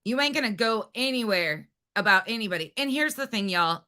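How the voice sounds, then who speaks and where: A woman's voice: mid-range voice, lively intonation, brisk, sharp tone. A woman hosting a livestream, ranting angrily and profanely at a rival and taunting her. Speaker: livestream host. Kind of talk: heated livestream rant.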